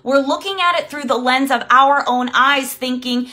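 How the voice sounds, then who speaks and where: Woman life coach, bright voice pitched a little high, blunt live-stream talk with plenty of swearing. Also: normal speed, few pauses. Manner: blunt and emphatic, swears freely; greets viewers by name while talking.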